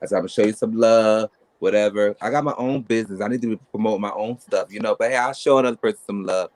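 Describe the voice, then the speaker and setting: Man, low voice, boastful animated storyteller, casual chat. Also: racing.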